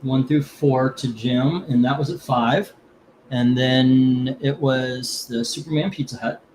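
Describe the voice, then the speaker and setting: A man hosting a casual live comic book auction. He rambles between lot calls, curses freely and gets heated before calming himself down. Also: medium pitch, takes it slowly, a little hiss or hum. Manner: rambling, cursing, gets heated over politics then calms down.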